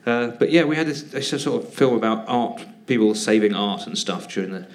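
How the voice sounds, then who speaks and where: On a theatre stage for a live podcast, a British guest who works as a comedian and actor shares rambling stories at his own expense. His voice is lowish, expressive, and a little fast, with laughter breaking into his sentences.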